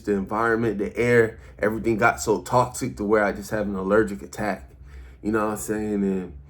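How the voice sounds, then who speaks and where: Man, early 30s, lowish voice, casual vlog talk, slangy and repetitive, checks in with the viewer a lot. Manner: loose, repetitive, slangy, keeps asking "you feel me?". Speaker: vlogger.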